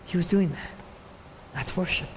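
A male pastor preaching a sermon, swinging from loud declarations down to hushed near-whispers. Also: high voice, moderate pace, a little hiss or hum. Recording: long hall reverb with faint ambience.

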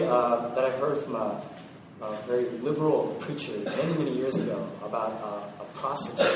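A man preaching a sermon, swinging from loud emphasis to hushed quiet. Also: mid-range voice. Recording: very echoey, distant mic, faint noise.

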